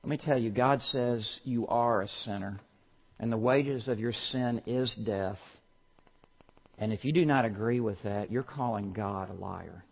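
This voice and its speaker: A male pastor preaching a sermon, swinging from low, hushed passages to loud, forceful exclamations and leaning slowly on single words. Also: vocal fry, slightly rough. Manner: slow, deliberate emphasis on single words. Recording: muffled sermon recording in a large reverberant hall.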